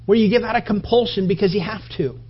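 A man's voice: high-pitched, fast, husky, muffled recording. A man preaching a sermon in a conversational, rambling way, often restarting his sentences.

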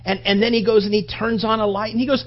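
A man's voice: high voice, flat delivery, fast, highs cut off. A man preaching a sermon in a conversational, rambling way, often restarting his sentences.

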